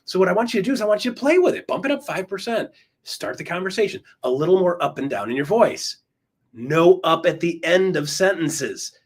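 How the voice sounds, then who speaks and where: Husky, enthusiastic male sales coach. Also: lively intonation, fast talker. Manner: enthusiastic, emphatic, swings pitch up and down. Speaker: real estate trainer presenting to agents. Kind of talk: energetic motivational coaching talk.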